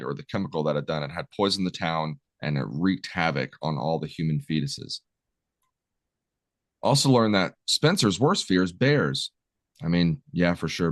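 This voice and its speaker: A man's voice: a bass voice, fairly bright tone, no echo, clean studio sound. A man co-hosting a podcast, summarizing a horror movie plot in casual chat with jokey asides. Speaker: podcast co-host.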